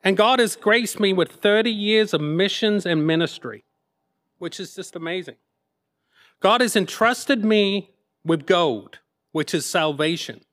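A man's voice: high voice, expressive, unhurried, fairly bright tone. An English man in his fifties, a missionary telling his story as a sermon testimony, self-deprecating and rambling into asides. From England. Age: 50s. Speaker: missionary speaker.

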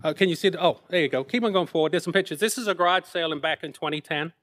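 Racing along in a slightly high, fairly bright voice, a fifty-something English missionary shares his testimony as a sermon. He's self-deprecating and keeps drifting into side remarks.

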